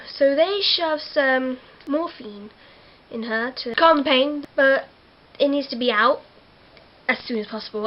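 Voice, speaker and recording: A teenage girl, excitably recapping a film to camera. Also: sits high, measured pace, lo-fi sound. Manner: giggly, excitable, acts out characters. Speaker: vlogger. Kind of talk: casual movie recap to camera.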